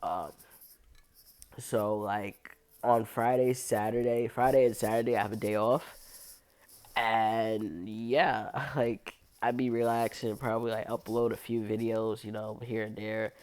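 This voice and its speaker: A man's voice: on the low side, little pitch movement, a little slow, darkish tone. A young man who is sick, telling a rambling, casual story as a vlogger, with lots of "like" fillers. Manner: loose and rambling, heavy use of "like".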